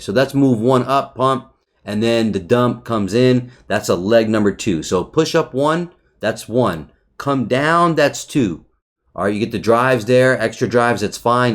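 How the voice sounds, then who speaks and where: A man with a slightly low voice talks through a trading chart in a casual recap. He is loose and profane, often restarts his sentences, and keeps checking in with "right?". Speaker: trader reviewing a chart.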